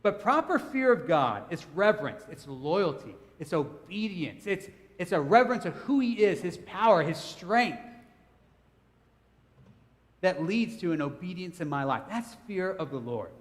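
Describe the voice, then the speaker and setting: A male pastor delivers a sermon in a casual, storytelling way, joking with his congregation. His voice sits high and moves a lot in pitch. The church hall gives it a long, ringing reverb. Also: unhurried. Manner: animated, humorous, chatty storyteller who addresses the congregation.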